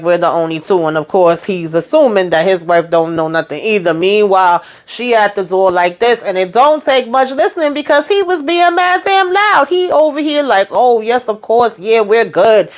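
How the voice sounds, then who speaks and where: Chatty woman animatedly recapping a show. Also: lowish voice. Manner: animated, retells scenes acting out the characters' lines; colloquial, peppered with "okay?" and "you know". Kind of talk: casual TV episode recap.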